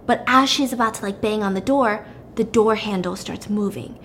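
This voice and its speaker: A woman casually recapping a drama's plot in an animated, chatty way, peppering it with fillers. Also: medium pitch, moderate pace, a little hiss or hum.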